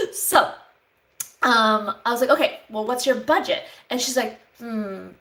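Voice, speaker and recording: A woman in her thirties from Canada, telling a story to camera in a chatty, animated way and acting out both sides of phone calls. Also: a little high, takes it slowly, rough recording. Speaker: vlogger, Avon sales representative.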